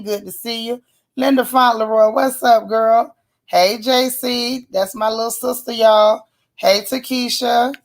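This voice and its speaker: A woman hosts a casual live stream with a voice sitting a touch high. She talks in folksy slang and calls out her viewers one by one by name. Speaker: livestream host.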